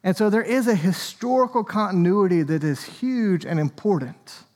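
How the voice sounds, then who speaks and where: High-voiced preacher in a reverberant church. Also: male voice, expressive, normal speed, a little mellow. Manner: conversational with joking asides. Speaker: Anglican priest. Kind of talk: sermon.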